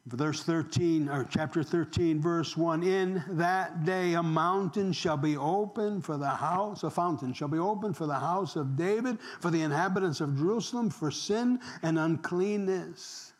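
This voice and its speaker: A man in his sixties preaching a sermon, firing rhetorical questions and swinging from loud emphasis to emotional near-whispers. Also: on the high side, a little slow, few pauses. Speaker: pastor.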